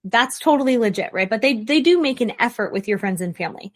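A woman's voice: fairly high pitch, animated, fast talker. A woman therapist giving casual, direct relationship advice in an emphatic voice, firing off rhetorical questions. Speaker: licensed therapist.

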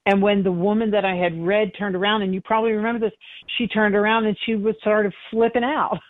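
A woman's voice: medium pitch, fast talker, no room sound. A middle-aged woman psychic medium tells her stories animatedly, slipping into the voices of the people she quotes. Her voice comes through a thin, phone-like line. The sound is dry and close. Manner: animated, acts out quoted voices, laughs often. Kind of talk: emotional interview storytelling.

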